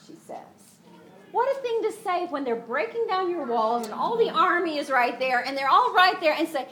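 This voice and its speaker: A woman's voice: high-pitched, moderate pace. A woman giving a conversational Bible teaching to other women, acting out the quoted lines with a lifted voice. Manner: animated, acts out quotes with rising voice; conversational, frequent "you know".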